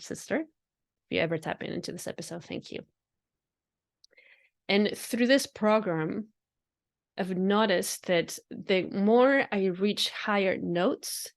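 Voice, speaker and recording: A woman with a lilt talks through a reflective spiritual monologue as a podcast host. She sounds earnest and often circles back on her own phrases, with ordinary mid-range pitch.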